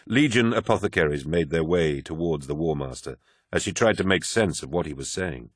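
A man with a very low voice narrates a war novel in a measured, dramatic way. His delivery is steady and scripted. The recording is dry and close, with no room sound. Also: slightly rough, no echo. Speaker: audiobook narrator.

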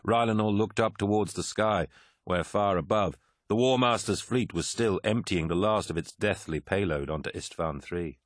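A man reading a war story aloud as an audiobook narrator, in a grave, measured way. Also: lowish voice, no room sound, clean studio sound.

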